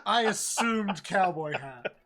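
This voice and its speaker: A man's voice: sits high, expressive, takes it slowly, a bit bright. A man co-hosting a live stream, bantering with dry teasing remarks and frequent laughs. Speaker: co-host. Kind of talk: casual chat.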